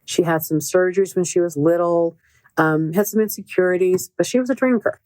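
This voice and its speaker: A middle-aged woman who hosts a podcast and works as a relationship coach tells stories in a casual, earnest monologue, repeating words for emphasis. Her voice is fairly low, a little mellow and brisk, recorded with no echo.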